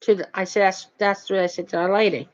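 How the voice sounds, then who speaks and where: A woman's voice: mid-range voice, fairly even intonation, quick pace. A woman telling a long, indignant story in a rambling way, with many restarts, swearing and "you know what I mean" tags. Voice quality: heavy swearing, nonstandard grammar. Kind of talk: casual storytelling rant. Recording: dull lo-fi audio.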